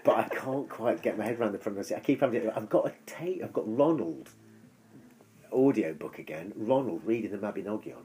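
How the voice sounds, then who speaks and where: A man with a very low, deep voice tells a long story in loose, casual chat. He rambles and backtracks, and he swears freely as he goes. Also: expressive, brisk, dark tone.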